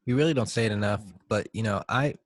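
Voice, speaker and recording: A young man co-hosting a podcast, laid-back with deadpan jokes. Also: fairly low pitch, fast, no room sound, studio quality. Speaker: podcast co-host. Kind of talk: casual chat.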